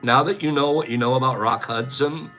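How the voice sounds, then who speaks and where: A man's voice: medium pitch, brisk, faint music behind. A man hosting a casual live stream, playfully teasing the viewers in the chat and laughing often. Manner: breaks into loud bird calls. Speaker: livestream host.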